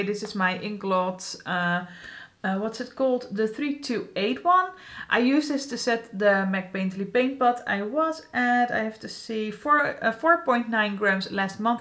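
Beauty vlogger, female, casual rambling delivery, a touch high in pitch. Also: a bit bright. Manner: chatty, rambling, many fillers. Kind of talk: casual makeup chat.

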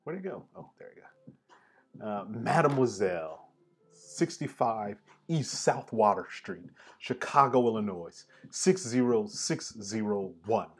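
Over tea, a man hosts an easygoing conversation in a lowish voice with lively intonation, speaking slowly. There's faint music in the background, and his chatty style leans on "like" and "right?".

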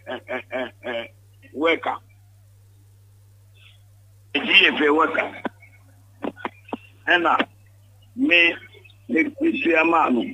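A man's voice: fairly high pitch, sharp tone, breathy edge, low-quality recording. An older Ghanaian man giving an interview, speaking emphatically and often repeating words when pressed. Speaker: interview guest. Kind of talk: candid interview.

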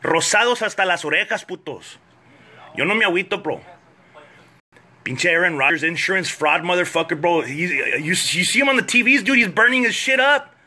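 A man gives a profane comedic rant, switching quickly between two languages. His voice is high for a man, very bright and sharp, with a husky, rough edge. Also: lively intonation. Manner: profane, fast code-switching ranting.

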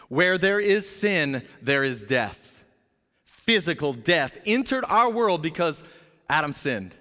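A man preaching a sermon as pastor, telling a story in an energetic, jokey way and acting out the characters' voices. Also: on the high side. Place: church sanctuary. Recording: long hall reverb.

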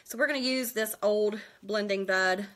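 A woman from West Virginia hosting a casual live makeup tutorial from home, chatty and quick, greeting viewers by name. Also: mid-range voice, a bit bright. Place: at home indoors.

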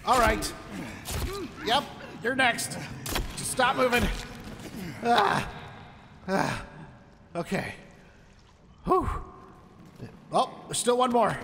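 A gameplay commentator with a high-pitched voice and vocal fry narrates his survival game let's play in a chatty, joking manner. He talks to enemies while fighting them. The sound is big-room, with background noise.

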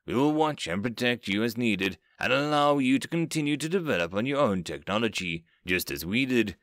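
A man's voice: mid-range voice, lively intonation, a bit bright, no room sound, clean studio sound, lightly acted. A man voicing a robotic-sounding recorded greeting message that speaks formally and evenly in an audiobook reading. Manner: formal, measured.

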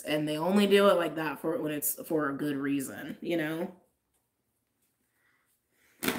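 A woman giving a casual, chatty tarot reading, talking straight to her viewers with frequent "like"s. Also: lowish voice. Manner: chatty, lots of "like", frequent laughs. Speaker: tarot reader.

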